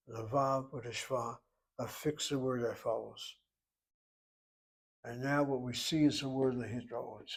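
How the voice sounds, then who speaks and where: A man's voice: mid-range voice, fairly even intonation, measured pace, pauses often, breathy edge. A man teaching a Hebrew lesson, reading a dialogue aloud and explaining grammar step by step. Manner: methodical, reads dialogue then explains grammar. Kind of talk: self-paced language lesson.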